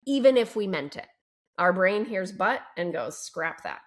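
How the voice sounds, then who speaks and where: A woman relationship coach speaking as a guest on a podcast interview, upbeat and expressive. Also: medium pitch, moderate pace. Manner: upbeat and expressive, fond of gentle emphasis.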